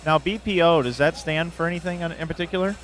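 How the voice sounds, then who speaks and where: Male interviewer, upbeat, jokey, higher voice, faint music. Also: fast. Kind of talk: live broadcast interview.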